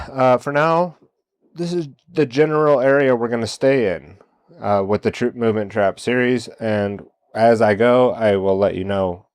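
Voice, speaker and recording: A man's voice: fairly low pitch, a little mellow, no room sound. A man hosting a solo commentary show, talking casually and posing one rhetorical question after another. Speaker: podcast host.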